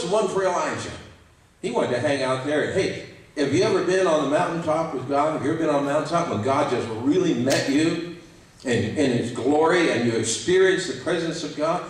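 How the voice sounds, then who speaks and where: A man preaching a sermon as pastor, animated and acting out quoted voices. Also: on the high side, brisk. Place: church sanctuary. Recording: echoey church hall, mic at a distance.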